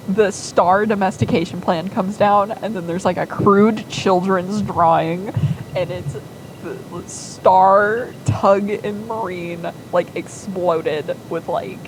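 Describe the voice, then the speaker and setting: A woman rambling through a story at a slow, unhurried pace, her sentences full of fillers. Her voice sits a bit low. A steady hum of background noise runs under her talk. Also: poor audio.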